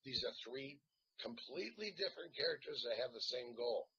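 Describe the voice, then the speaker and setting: A man in his fifties with a bright, gravelly voice, spinning joking stories as an interview guest. His pitch swings widely, and the recording is dull and lo-fi. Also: normal speed, a little hiss or hum. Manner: animated joking storyteller. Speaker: actor guest. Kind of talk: casual interview chat. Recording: dull lo-fi sound.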